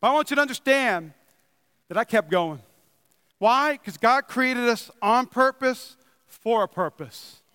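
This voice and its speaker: Young man, pastor, high bright tone, excitable sermon delivery, dry body mic with a long reverb tail. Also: a little slow, clear, resonant tone. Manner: excitable, rising to loud emphatic bursts then easing into chatty storytelling. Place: church building. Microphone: wearing a microphone.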